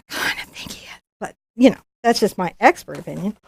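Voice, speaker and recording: Woman, artist host, casual live unboxing, bubbly, chatty, restarts a lot, higher-pitched voice, dry sound. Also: animated, fairly quick, a little mellow, dry recording. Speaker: professional artist and channel host.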